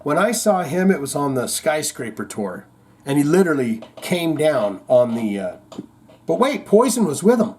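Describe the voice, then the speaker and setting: A man's voice: a little high, very animated, moderate pace, a little mellow, husky. A man hosting a show in casual chat, rambling, reading out viewer comments and telling corny jokes. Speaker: host.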